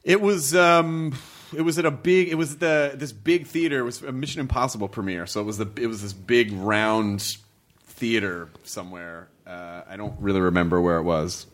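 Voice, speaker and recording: A man co-hosting a comedy podcast, animated and laughing as he tells stories in casual banter. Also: on the low side, normal speed. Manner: animated, laughing, does loud voices.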